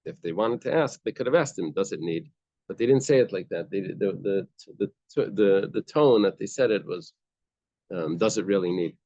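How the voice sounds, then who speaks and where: A man's voice: lowish voice, dark tone, no echo. A man teaching a daily Talmud class, reading short bits of Aramaic and then explaining them in casual, conversational English.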